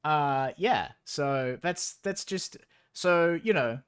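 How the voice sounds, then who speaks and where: Slow-talking sarcastic man. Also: a little high, lively intonation, smooth. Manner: sarcastic, rambling asides. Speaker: streamer reading a novel aloud. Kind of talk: reading aloud with sarcastic commentary.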